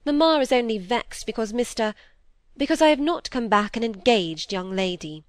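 A woman's voice: fairly high pitch, normal speed, dry recording, clean studio sound, close to an everyday voice. Woman reading as a weary, bitter young woman.

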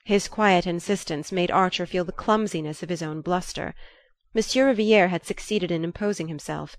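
A woman reading a classic novel aloud in a measured, even narration. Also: lowish voice, no echo. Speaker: audiobook narrator. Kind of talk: scripted narration.

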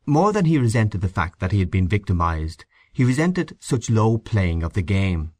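A man narrating literary fiction for an audiobook in a measured, expressive manner. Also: fairly low pitch, no echo.

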